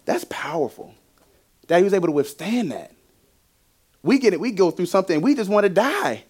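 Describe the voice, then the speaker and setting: A young man preaching a sermon with a personal testimony, animated, laughing often and shifting from loud to hushed. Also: high-pitched, a little fast, husky.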